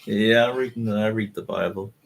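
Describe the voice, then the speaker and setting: A man hosting a casual video chat stream, replying calmly and hesitantly. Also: on the low side, moderate pace, gravelly. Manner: calm, hesitant, mild replies.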